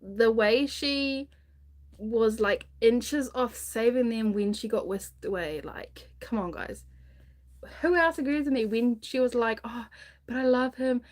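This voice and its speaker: A woman's voice: fairly high pitch, animated, slow. A woman chatting casually on a live book stream, rambling enthusiastically with many restarts and fillers. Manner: gushing enthusiasm about a book.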